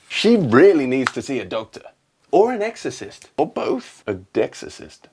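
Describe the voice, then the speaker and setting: A man's voice: on the high side, sing-song, a little slow, slight background noise. A man hosting a comic vlog, joking and jumping between silly voices and whispers. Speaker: comedy vlogger.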